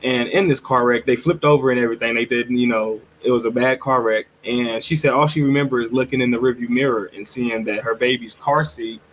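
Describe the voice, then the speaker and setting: Man, podcast co-host, casual storytelling, rambling, mid-pitched voice, faint hiss behind. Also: fairly even intonation, brisk, few pauses, poor audio. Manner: rambling, earnest storytelling with many restarts.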